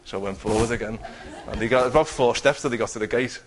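A man's voice: medium pitch, fast, a crowd in the background, noisy background. A man giving an earnest personal testimony, telling his story with many restarts. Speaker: testifying believer.

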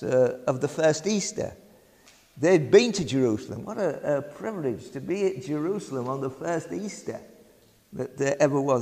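A man from England with a Yorkshire accent preaching a sermon in a church, halting and full of ums and repeated words. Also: mid-range voice, a little mellow. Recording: long hall reverb.

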